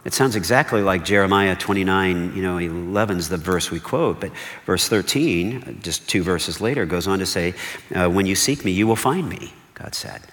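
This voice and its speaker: A male pastor preaching a sermon, animated and conversational, with emphatic repeated warnings and frequent checks like "okay?" to the congregation. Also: low-pitched, normal speed. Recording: long hall reverb.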